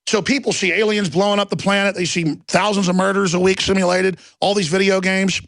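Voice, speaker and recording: Gravelly guy ranting on his talk show, pitch a bit high, dry studio sound. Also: little pitch movement, fairly quick, fairly bright tone, no echo. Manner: emphatic, rambling, intense. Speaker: radio talk show host. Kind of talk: ranting monologue. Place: radio studio.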